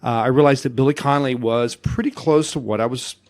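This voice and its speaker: A man's voice: mid-range voice, brisk, a little mellow. A man from Texas, speaking in a put-on mix of Scottish, Irish and Welsh accents, chatting playfully in a sing-song way as a guest. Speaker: guest, Renaissance fair performer. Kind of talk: casual chat in character.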